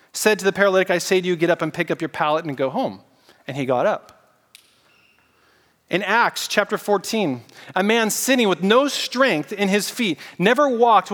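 A man preaching a casual, animated sermon and getting the congregation to repeat words back to him. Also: sits high, long reverb tail. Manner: casual, animated preaching with audience call-and-response. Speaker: pastor.

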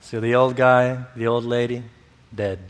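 A man's voice: mid-range voice, level tone, unhurried. A man preaching a sermon, telling stories with laughter and acting out the voices of people in them. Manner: storytelling, acts out quoted voices, laughs often. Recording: long hall reverb.

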